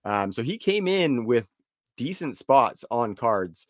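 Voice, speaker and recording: A man's voice: medium pitch, big pitch swings, takes it slowly, no echo. A man hosting a sports podcast, upbeat and steering the talk between his co-hosts. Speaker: podcast host.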